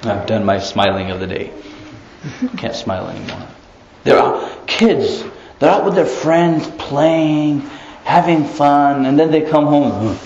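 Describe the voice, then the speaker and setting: A man giving an Islamic lecture, animated, asking rhetorical questions and tossing in playful asides. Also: medium pitch, measured pace, a little hiss or hum. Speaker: preacher. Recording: echoey muffled room recording.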